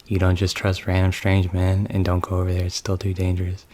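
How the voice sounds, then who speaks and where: A man's voice: low-pitched, monotone, fairly quick, a little mellow, close to an everyday voice. A man doing a jealous, suspicious bodyguard. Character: jealous protective male bodyguard.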